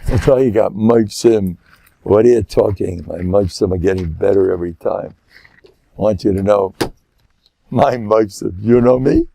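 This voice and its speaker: An older man with a gravelly voice gives a rabbi's lecture in a lively storytelling style, full of halting restarts and Yiddish and Hebrew words. He often jumps into a high, excited pitch and laughs at his own stories. There's no echo.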